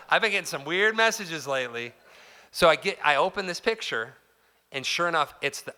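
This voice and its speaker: A man's voice: medium pitch, bright, forceful tone. A man giving a guitar clinic in a music store, telling a story to a live audience in a loose, chatty way and acting out the quotes. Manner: chatty and loose, heavy on "like" and "dude", acts out quotes.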